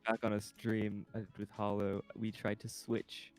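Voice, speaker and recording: A man's voice: on the low side, monotone, unhurried. A man chatting casually on a livestream and breaking into mock accents now and then. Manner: tries out mock accents between plain chat. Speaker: streamer. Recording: faint music behind.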